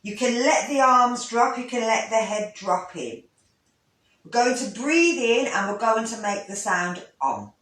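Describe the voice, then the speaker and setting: A woman, a yoga teacher gently guiding a breathing lesson, with pauses and restarts. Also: a little high, animated. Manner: gentle, instructive, with fillers and restarts. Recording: echoey room, voice from a distance.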